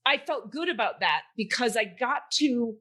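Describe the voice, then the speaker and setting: A woman podcast host telling a long story in casual chat, animated and profane, acting out the people she quotes. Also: fairly high pitch, normal speed.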